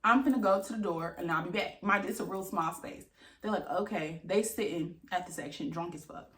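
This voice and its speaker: A woman's voice: on the low side, brisk, roomy sound. A young woman casually telling an exasperated storytime, acting out quoted dialogue and swearing as she goes. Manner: animated, exasperated retelling with lots of quoted dialogue and cursing. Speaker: vlogger.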